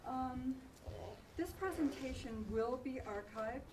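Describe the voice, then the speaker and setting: Event host, woman, plain and slightly halting delivery, distant mic, noisy room. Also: high voice. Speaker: event host, introducing a speaker. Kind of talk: announcements and introduction.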